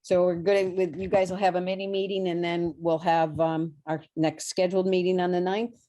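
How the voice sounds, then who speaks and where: A woman with a low voice chairs a committee meeting over a video call. She talks hesitantly, with fillers and restarts. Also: little pitch movement, moderate pace, warm tone. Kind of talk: online meeting talk.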